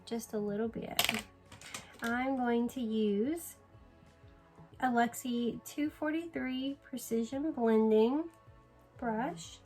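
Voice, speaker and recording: A woman's voice: a little high, gravelly, warm tone, poor audio. A woman filming a casual makeup tutorial at home, chatty and sleepy, yawning and apologizing as she talks. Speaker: beauty vlogger.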